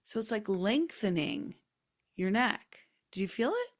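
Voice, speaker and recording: A woman hosting a group video call, chatty and gently coaxing as she guides a neck stretch with soft, drawn-out cues. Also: mid-range voice, very animated. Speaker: host leading a group session. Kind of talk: casual guided stretching instruction. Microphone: computer mic on a video call.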